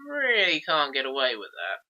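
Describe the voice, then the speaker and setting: A woman's voice: very deep voice, wildly swooping pitch, normal speed, bright, forceful tone. A woman co-hosting a podcast, adding dry, skeptical remarks in casual chat about films. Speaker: podcast co-host. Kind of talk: casual film review chat. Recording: dull lo-fi podcast audio.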